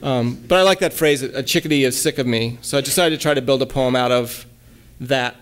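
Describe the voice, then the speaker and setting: A man giving a relaxed lecture at a college, hesitating often with ums and restarts and reading his own poems aloud. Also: mid-range voice, fairly quick, clear, resonant tone. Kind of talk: casual lecture with poem readings.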